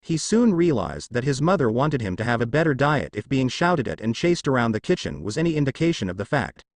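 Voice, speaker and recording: Male storyteller for fan fiction, steady read with a lively pitch. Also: a little fast, dry recording. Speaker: narrator.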